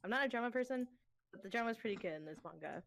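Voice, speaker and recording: Jeune femme bavarde qui glousse. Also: female voice, on the high side, animated, rapid-fire, a bit bright. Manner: chatty, giggly, filler-heavy. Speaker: co-host. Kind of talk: casual chat.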